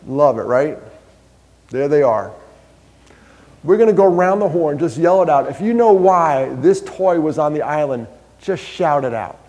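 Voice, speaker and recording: A man's voice: a little high, normal speed. A man from New York giving a live talk on mental health, telling stories, quizzing the audience and joking about himself. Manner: animated storyteller, quizzes the crowd, jokes about himself. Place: large hall with an audience. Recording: long hall reverb.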